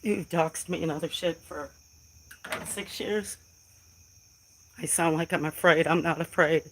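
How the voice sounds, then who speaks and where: A woman's voice: low voice, steady tone, unhurried, fairly bright tone, a little hiss or hum, low-quality recording. A middle-aged woman on a casual phone livestream, talking back to trolls in chat in a defiant, emotional way. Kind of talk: casual live stream talk to chat.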